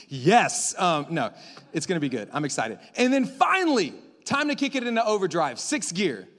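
A young man in his twenties preaching a sermon as pastor in a church, animated, swinging between loud excited bursts and quiet intimate passages. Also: on the high side, a little fast. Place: church sanctuary. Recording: long hall reverb.

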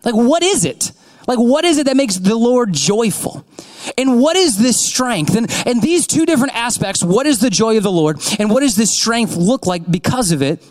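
A young man with a very high voice preaches a casual, story-driven sermon. He talks conversationally, repeats himself and keeps asking "right?". He breaks into animated, excited voices to act out scenes. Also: normal speed, low-quality recording. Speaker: pastor.

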